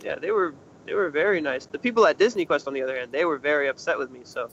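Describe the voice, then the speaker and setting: Talking fast in a fairly high-pitched voice, a young urban explorer being interviewed casually tells a story, animatedly acting out what other people said in a raised voice. The recording is slightly muffled, with faint noise.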